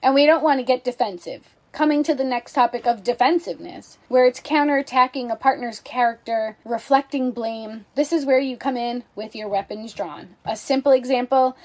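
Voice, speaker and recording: Woman explaining relationship conflict, higher voice. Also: moderate pace, hardly any pauses, darkish tone, low-quality recording. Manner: instructive, checks in with "right?". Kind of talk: explanatory presentation.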